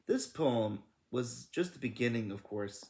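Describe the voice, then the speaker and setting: A man's voice: mid-range voice, animated, a little slow, darkish tone. A man reading a children's book aloud in a casual, self-correcting way, stopping to comment. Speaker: read-aloud narrator.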